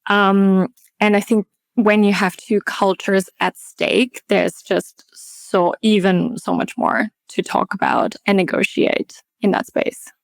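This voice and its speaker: Austrian woman, smooth clear voice. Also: medium pitch, no echo. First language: German. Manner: reflective, talks in long hedged sentences with many "um" and "like". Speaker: podcast guest, linguist. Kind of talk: casual interview chat.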